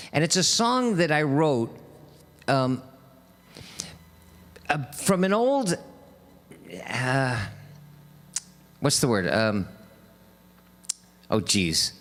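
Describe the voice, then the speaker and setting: A singer-songwriter man chatting casually between songs on a live stream, halting and rambling with many fillers. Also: fairly high pitch, fairly bright tone.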